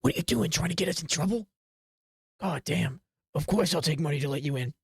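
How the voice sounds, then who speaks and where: A man voicing a greedy, jittery male city guard who takes bribes, speaking in a furtive, rushed way in a tabletop game. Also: fairly high pitch, lively intonation, vocal fry, husky, no echo, studio quality, exaggerated voice.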